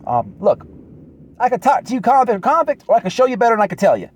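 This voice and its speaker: A man's voice: sits high, sing-song, fast, breathy edge, no room sound. A man giving an earnest, repetitive direct message, often calling the listener "man". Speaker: channel host. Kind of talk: direct address video message.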